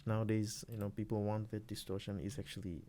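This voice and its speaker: A man producing music, walking through his own beat in a relaxed, rambling way, with many fillers and restarts. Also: fairly low pitch, fast talker. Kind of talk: casual screen-recorded tutorial.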